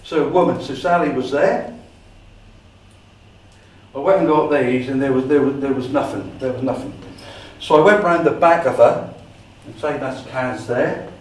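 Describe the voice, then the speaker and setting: Animated man telling a story in an echoey room. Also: medium pitch, normal speed, distant mic. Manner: animated storyteller acting out his own dialogue. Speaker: paranormal investigator giving a talk. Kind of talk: storytelling talk to a society meeting. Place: meeting room.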